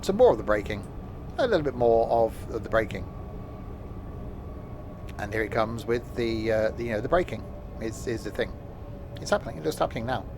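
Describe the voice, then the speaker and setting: A man's voice: lowish voice, expressive, a little fast, long pauses. Man, rambling gameplay chat, self-mocking, fillers, game noise behind. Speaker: streamer. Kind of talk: live gameplay commentary.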